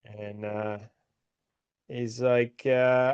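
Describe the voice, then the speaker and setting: A man's voice: mid-range voice, normal speed, darkish tone, lo-fi sound. Man rambling through a comic recap. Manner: rambling, amused retelling with filler words. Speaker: podcast co-host. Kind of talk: casual chat, comic book recap.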